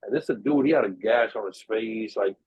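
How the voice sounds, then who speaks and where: Brisk and fairly low-voiced, this young New York co-host delivers a casual podcast story with husky animation. He swears freely and performs the quoted voices, all over a tinny, dry, narrow-band recording.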